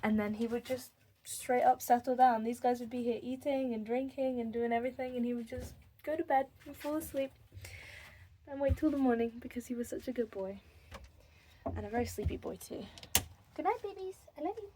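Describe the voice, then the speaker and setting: A young woman in her home, talking softly and heartfelt to camera in a rambling video diary. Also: on the high side, steady tone, a little fast, slight background noise. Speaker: vlogger. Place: home room with pet enclosure.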